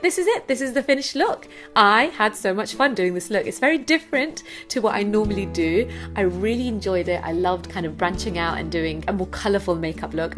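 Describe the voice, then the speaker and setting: A female beauty vlogger walks through a makeup tutorial, sounding bubbly and excitable in her chatting and outro. Her voice is medium-pitched.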